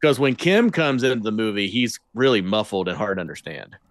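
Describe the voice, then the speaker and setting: A man co-hosting a podcast, calmly speculating and adding wry remarks in casual film talk. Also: on the low side, brisk, no echo, clean studio sound. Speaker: podcast co-host.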